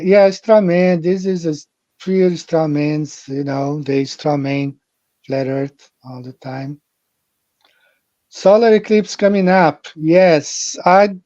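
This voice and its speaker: This male streamer has a warm voice that sits a little high, and there's no echo around him. He rambles in a relaxed way, says the same phrases more than once, and speaks straight to his audience with greetings, all captured on muffled, lo-fi audio.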